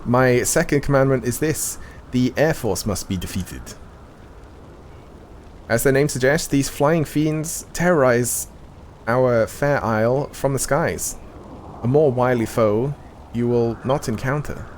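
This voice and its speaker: A man reading out a stern army commander's lines from a game, slowly and deliberately. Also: medium pitch, slight background noise, voice pushed up, lightly acted. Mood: solemn.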